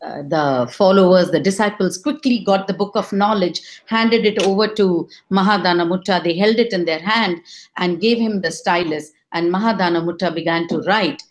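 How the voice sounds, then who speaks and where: A middle-aged woman telling a folk tale to listeners, expressive and rising high when she quotes her characters. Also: moderate pace. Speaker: storyteller. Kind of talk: storytelling.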